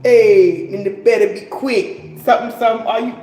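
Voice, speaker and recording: A woman's voice: on the high side, fairly even intonation, normal speed, warm tone, roomy sound, a little hiss or hum, poor audio. A woman giving a casual live tarot reading, chatty and slangy, laughing and swearing as she talks. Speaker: tarot reader.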